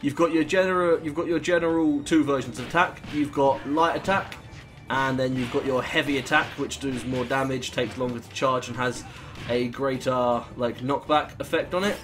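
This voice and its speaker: A man's voice: mid-range voice, fairly even intonation, moderate pace, music in the background. A British man rambling casually through let's play commentary, with lots of fillers and the odd swear. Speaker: gaming channel host.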